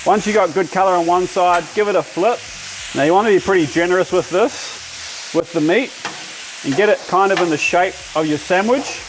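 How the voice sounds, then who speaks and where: A man's voice: sits high, moderate pace, background noise. Chatty Australian man cooking on camera. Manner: relaxed, chatty, enthusiastic, talks while cooking. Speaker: cooking show host. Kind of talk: casual cooking demonstration.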